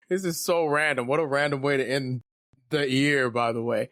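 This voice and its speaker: A man's voice: mid-range voice, fairly even intonation, moderate pace, a bit bright, dry recording, studio quality. A young man hosting a casual solo podcast, talking candidly and rambling with joking asides. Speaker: podcast host.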